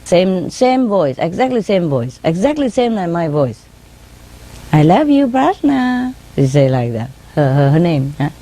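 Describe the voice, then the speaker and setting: A woman with a deep, expressive, dark-toned voice talks at normal speed with few pauses, recorded roughly. As a spiritual teacher, she tells an audience informal anecdotes in non-native English, often saying "you know," laughing a lot and copying her birds' calls.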